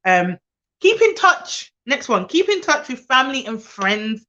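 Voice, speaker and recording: A woman's voice: high voice, a little slow. A young woman who works as a nanny, chatting casually and animatedly on a live stream. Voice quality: chatty, animated, laughs often. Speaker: nanny and childcare provider. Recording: dull lo-fi live stream audio.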